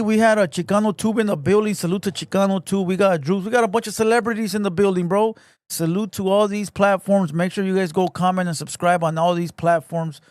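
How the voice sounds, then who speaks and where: A man hosts a casual livestream podcast in rough, profane street slang, hyping up his crew with shout-outs. His voice sits high for a man. The sound is close and dry, with no room around it. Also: no room sound. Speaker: podcast host.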